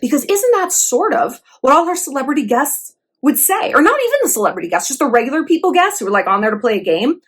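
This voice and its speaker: Woman vlog host, high-ish and bouncy, sarcastic, profane, full of quoted voices. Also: quick pace, hardly any pauses. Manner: animated, with voices for quoted people. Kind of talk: pop-culture commentary vlog.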